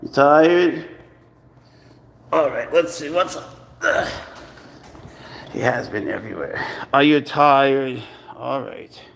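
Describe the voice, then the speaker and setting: A man's voice: mid-range voice, slow pace, gravelly, long pauses, a bit bright, slight background noise. A man hosting a casual live stream, talking playfully and coaxingly to his pet cat and calling it bro. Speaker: pet owner and channel host.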